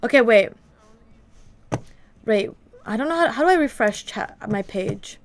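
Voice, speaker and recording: A woman's voice: a little high, expressive, measured pace, long pauses, a little hiss or hum. A woman streaming from her room at home, chatting casually to her viewers in a rambling way full of "like" fillers. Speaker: livestreamer. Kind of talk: casual livestream chat.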